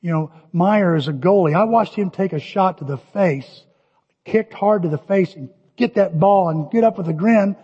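Older male pastor, high husky voice. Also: moderate pace. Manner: animated storytelling, shouting cheers in quotes. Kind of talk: sermon. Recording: dull lo-fi audio with long hall reverb.

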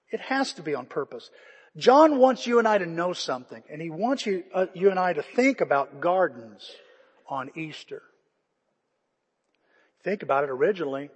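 A man's voice: sits high, slightly rough. An older man preaching a conversational sermon to his congregation, retelling scripture with feeling. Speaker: pastor. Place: church sanctuary. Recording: long reverb of a church hall.

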